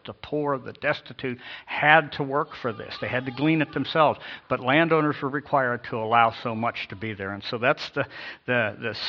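A man's voice: medium pitch, highs cut off. A man preaching a sermon, emphatic, repeating key phrases and reading scripture with inflection. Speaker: pastor.

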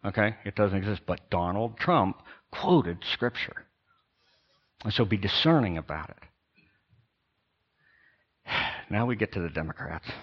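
An older man, a pastor, preaching a sermon in an emphatic, sarcastic way with pauses and restarts. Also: lowish voice, animated, dull audio.

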